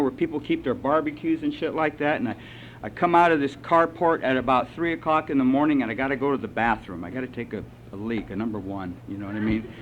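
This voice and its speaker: A man's voice: fairly high pitch, dull audio, a little hiss or hum. Salty storytelling man at a recovery meeting. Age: older. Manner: salty, storytelling, animated asides. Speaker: AA meeting speaker.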